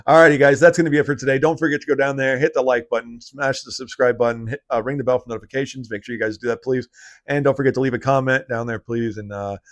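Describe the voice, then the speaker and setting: A man hosting a commentary vlog in a voice of middling pitch. He rants with energy, piles on fillers and restarts, and rushes through his sign-off. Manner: animated ranting, heavy fillers. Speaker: channel host.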